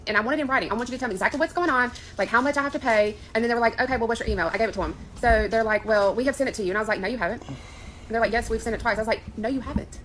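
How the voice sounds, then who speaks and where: A woman casually recounting how she was scammed, frustrated and animated. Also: a little high, very fast, a little hiss or hum, rough recording. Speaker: person telling her scam story. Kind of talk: casual storytime.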